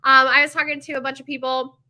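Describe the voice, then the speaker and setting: A woman's voice: sits high, flat delivery, fast, sharp tone. A woman in her thirties who runs a bakery, chatting casually to camera with lots of fillers and tangents. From United States. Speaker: bakery owner.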